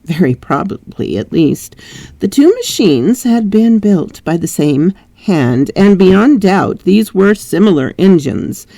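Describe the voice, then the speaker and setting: A woman narrating a classic novel aloud in an expressive storytelling manner. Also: fairly low pitch, vocal fry, dry recording. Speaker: audiobook narrator.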